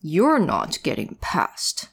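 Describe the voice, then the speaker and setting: A woman voicing a greedy, hungry male troll in a storybook reading, drawing out his words slowly. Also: low-pitched, wildly swooping pitch, creaky, fairly bright tone, husky, pitched below the performer's own voice, heavily acted. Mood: gloating. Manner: slow, grunting, gloating.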